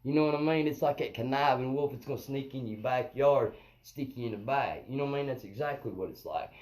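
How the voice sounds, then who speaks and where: A man's voice: mid-range voice, a little fast, darkish tone, rough recording. Rambling, profane male comic. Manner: profane, rambling, keeps asking "you know what I mean". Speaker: comedian hosting a live stream. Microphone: phone or webcam on a live stream.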